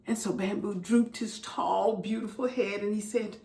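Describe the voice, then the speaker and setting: A woman reading a story aloud with expression, dropping to a whisper at quiet moments. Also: mid-range voice, normal speed, few pauses, reverberant. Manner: expressive, drops to whispers for effect.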